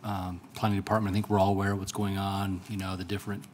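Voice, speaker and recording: A man on a city council giving a casual, halting update at a meeting, with many fillers. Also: sits low, monotone, slight background noise. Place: council chambers.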